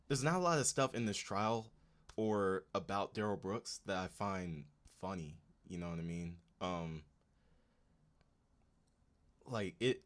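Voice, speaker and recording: A man with a very low voice hosts a casual livestream and chats directly with his viewers. He talks loosely, in slang, with plenty of "you know what I'm saying" asides. Keep it conversational and personal. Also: a bit bright. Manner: laid-back slang, talks straight to chat. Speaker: livestream host.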